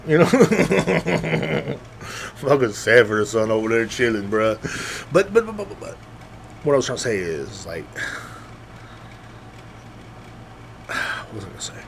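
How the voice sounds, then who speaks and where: Podcast host, male, young adult, drunk; loose profane rambling monologue, very animated pitch, faint background noise. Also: takes it slowly, gravelly, long pauses. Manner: profane, rambling, with frequent fillers and restarts.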